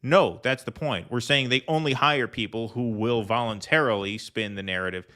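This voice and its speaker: A man co-hosts a political commentary stream, combative and blunt. His voice is bright and forceful and sits at a middle pitch. He swears freely as he argues. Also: moderate pace. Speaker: co-host.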